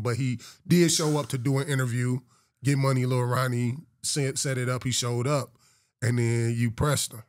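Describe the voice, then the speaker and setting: A man hosting an interview, speaking in a relaxed, conversational way and making playful asides. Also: medium pitch. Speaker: interview host. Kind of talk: casual interview.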